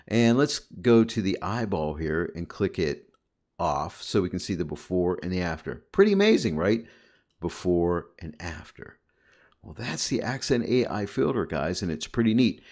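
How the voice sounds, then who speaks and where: A man's voice: deep voice, darkish tone. A man giving a chatty, upbeat photo editing tutorial over a screen recording, often addressing viewers as guys.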